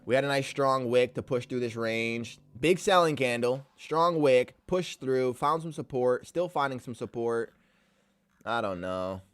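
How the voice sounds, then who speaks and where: A man streaming live trades, talking to the market, reading chat aloud and swinging between loud cursing outbursts and low muttering. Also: a little slow, clean tone, no room sound.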